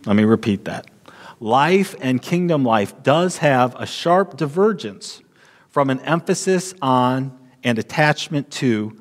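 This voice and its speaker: A man preaching a sermon as pastor in a church sanctuary, measured and deliberate, repeating key lines for emphasis. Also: mid-range voice, big-room sound.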